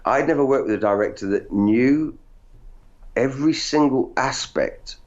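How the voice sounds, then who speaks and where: A man, an actor guest, telling animated, self-deprecating stories in casual interview chat. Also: medium pitch, normal speed. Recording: dull lo-fi audio.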